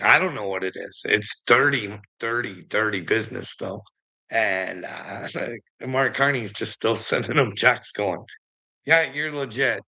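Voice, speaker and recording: A man's voice: mid-range voice, bright, forceful tone. A man from Canada in a casual, rambling political rant, swearing a lot and chuckling between his remarks. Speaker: political commentary host. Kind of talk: casual ranting monologue.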